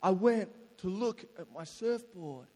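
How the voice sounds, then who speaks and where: A young man tells a story to a listening crowd in a lively, slangy way, breaking into loud outbursts. His voice sits high for a man. The sound rings with a long hall reverb. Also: measured pace. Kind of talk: casual storytelling to an audience.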